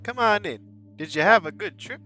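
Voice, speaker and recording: A man voicing a gentle old grandmother in a horror game, speaking softly and coaxingly. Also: high-pitched, expressive, normal speed, faint music behind, pitched above the performer's own voice. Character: sweet old grandmother, soft and patient.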